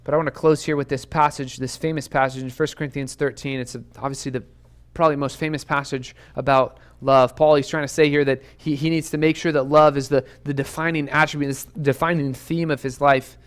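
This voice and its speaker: A young man preaches to students in an earnest, urgent way. He hammers home his point with repeated questions. His voice sits a little higher than most men's. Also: flat delivery, a little fast, smooth. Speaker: youth pastor. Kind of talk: sermon to students. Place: church youth room.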